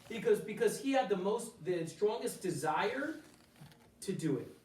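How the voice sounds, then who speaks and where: A man teaching an informal Torah class in a synagogue hall, animated and full of rhetorical questions, with Hebrew phrases mixed in. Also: high-pitched, measured pace, a little hiss or hum. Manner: mixes in quoted Hebrew phrases. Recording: roomy hall, distant mic, faint ambience.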